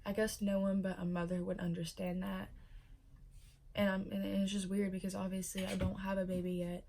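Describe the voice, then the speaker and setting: A young pregnant woman vlogs in a casual, chatty way, full of fillers and easily moved to emotion. Her pitch is mid-range and her melody fairly flat, she talks fairly quickly, and there's slight background noise.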